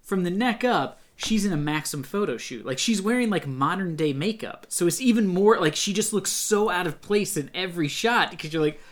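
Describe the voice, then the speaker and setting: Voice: medium pitch, expressive, normal speed, hardly any pauses, a bit bright. This podcast co-host rambles in casual chat, trailing off into tangents and breaking into laughter along the way. The voice sits in an ordinary middle register.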